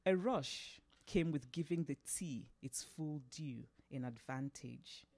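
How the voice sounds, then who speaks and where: A woman novelist reading her own fiction aloud, unhurried and expressive. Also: deep voice. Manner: unhurried, expressive, laughs at slips.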